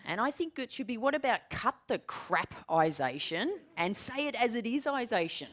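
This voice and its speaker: A woman in her forties gives a keynote presentation in a large room before a live audience, her voice a little high and her speed normal. She tells lively, humorous stories and hammers her points home with emphatic repetition.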